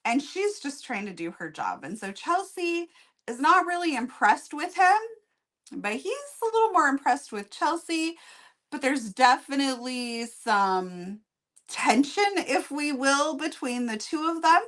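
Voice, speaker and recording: Relaxed woman summarizing a book. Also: high voice, measured pace. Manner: relaxed, storytelling plot summary. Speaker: book reviewer co-host. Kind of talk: casual chat.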